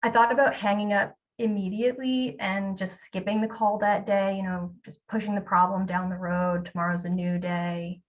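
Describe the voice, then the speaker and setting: A woman's voice: medium pitch, flat delivery, normal speed, hardly any pauses, far from the mic. A woman in her forties gives a storytelling talk to an audience. She is candid and self-deprecating, with a mid-range voice and occasional ums. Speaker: keynote speaker.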